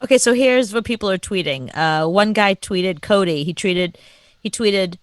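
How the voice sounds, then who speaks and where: A woman co-hosting a radio show, telling a story in an animated, chatty way and laughing easily. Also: medium pitch, normal speed, no room sound. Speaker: radio co-host. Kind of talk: casual radio chat.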